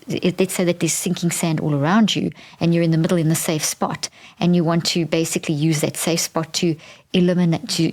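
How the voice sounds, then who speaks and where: A woman's voice: low-pitched, a little mellow. A woman hosting a podcast, explaining earnestly in a monologue and often repeating words and restarting as she goes. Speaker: podcast host.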